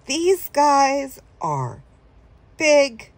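A woman's voice: high voice, huge pitch swings, drawn-out words, dry recording. A woman telling a story casually to her viewers, rambling with fillers and chuckling now and then. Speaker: vlogger.

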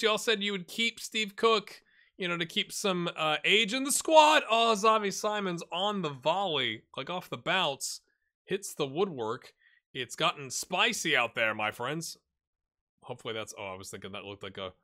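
A man hosting a let's-play video, giving casual and excitable commentary as he plays and talking straight to the viewers and the players on screen. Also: fairly high pitch. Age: adult. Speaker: gaming channel host.

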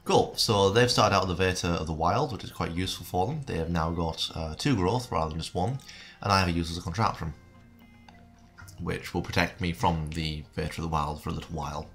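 A low-pitched man hosting a card game commentary with an easy, joking manner. His voice is deep but bright and forward. Faint music plays underneath. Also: a little fast, creaky. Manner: chatty, jokey, laughs often. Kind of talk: casual gameplay commentary.

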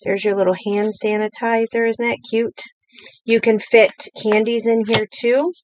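A woman's voice: fairly high pitch, flat delivery, moderate pace, a little mellow, no echo. Chatty woman hosting a live craft stream. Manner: chatty, rambling, many fillers. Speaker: craft demonstrator.

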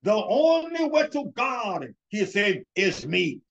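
A man preaching a sermon as pastor, emphatic, with drawn-out words and pauses, calling his listeners beloved. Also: high-pitched, huge pitch swings, creaky, a bit bright, highs cut off.

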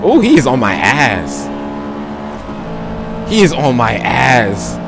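A man's voice: mid-range voice, very animated, slow pace, vocal fry, noisy background. A man live-streaming a driving game, chatting in a hyped, slangy way and thanking viewers often. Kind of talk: casual live-stream commentary.

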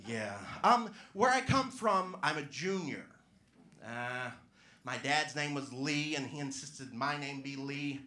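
A stand-up comedian from Georgia working the crowd with self-mocking punchlines. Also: male voice, mid-range voice, lively intonation, slow, pushed and bright. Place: comedy club stage. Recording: echoey club room.

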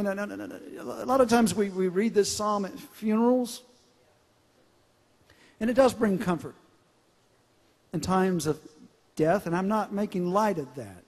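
A man with a strikingly high voice preaches a sermon in a large church sanctuary. He stretches out scripture lines for emphasis and often restarts his words. His voice rings with long reverb through the hall. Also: measured pace, pauses often, darkish tone. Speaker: pastor.

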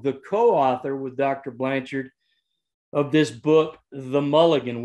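A male host with a somewhat high voice opens the session politely and sets up his questions at length. He sounds measured and courteous. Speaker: interview host. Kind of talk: conversational interview.

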